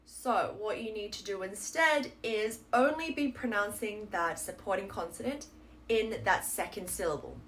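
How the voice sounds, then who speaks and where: A woman teaching a pronunciation lesson, explaining patiently and sounding out model words slowly and clearly. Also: mid-range voice, fairly bright tone, a little hiss or hum. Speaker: Korean language teacher.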